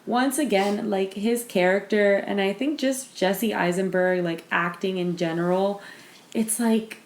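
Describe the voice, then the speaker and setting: A woman's voice: medium pitch, steady tone, unhurried. A woman co-hosting a podcast in casual chat, talking loosely with many fillers and restarts. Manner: chatty, lots of fillers and restarts. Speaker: podcast co-host. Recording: roomy echo.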